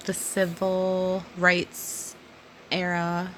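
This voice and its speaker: In a casual solo Q&A monologue, a visibly drunk thirtysomething woman reads out listener questions and answers at a leisurely, stretched pace. Her fairly low voice is completely flat, yet she giggles, rambles, and frequently drops to a soft near-whisper, with faint hiss underneath.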